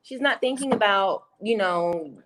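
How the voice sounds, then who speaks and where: A woman's voice: mid-range voice, animated, a little slow, background noise. A woman speaking as a guest in a casual video-call conversation, earnest and full of stammering restarts. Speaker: guest, singer-songwriter and project creator.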